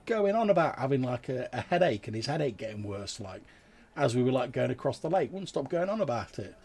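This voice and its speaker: A man's voice: mid-range voice, very animated, brisk, a little mellow, husky. A man voicing a gossipy middle-aged ferryman in a tabletop role-playing game, rambling and full of fillers.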